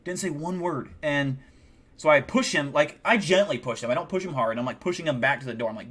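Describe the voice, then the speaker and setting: A man's voice: a little high, brisk, husky. A man hosting a live stream, telling a story casually and swearing a lot. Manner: profanity-heavy, animated retelling. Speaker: livestream host.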